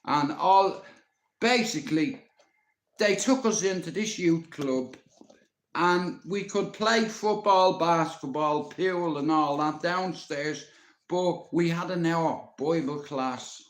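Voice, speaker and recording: A man's voice: fairly high pitch, slow pace. A Dublin man in his fifties telling stories casually on a live stream, rambling and swearing with plenty of "you know". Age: 50s. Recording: roomy echo.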